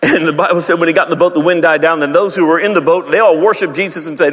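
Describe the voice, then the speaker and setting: A man's voice: fairly high pitch, steady tone, racing, hardly any pauses, a bit bright, in a large hall. A man preaching a sermon, telling a story with humor and acting out characters in silly voices. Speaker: pastor.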